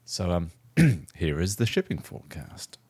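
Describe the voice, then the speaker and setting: A man's voice: low-pitched, big pitch swings, measured pace, darkish tone, husky. A man hosting a comedy podcast, rambling and laughing in casual chat. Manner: rambling, laughing, hesitant with fillers. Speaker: podcast host.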